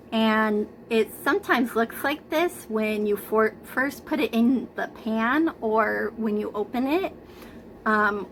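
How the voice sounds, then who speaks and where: A woman teaching a remote preschool lesson, talking gently and coaxingly to young children through her camera at home. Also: on the high side, slight background noise, low-quality recording. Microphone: computer camera mic.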